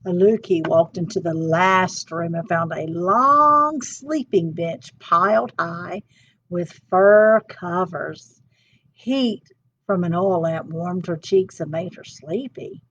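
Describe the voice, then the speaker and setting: A woman's voice: fairly low pitch, takes it slowly, fairly bright tone, a little hiss or hum. A woman hosting a storytime, reading a children's book aloud with expression. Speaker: storytime host. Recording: dull lo-fi sound.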